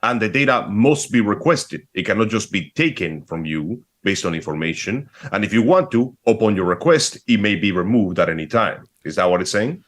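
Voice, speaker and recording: A man's voice: lowish voice, lively intonation, moderate pace, few pauses. A man co-hosting a livestream in casual, joking banter, checking and teasing the host.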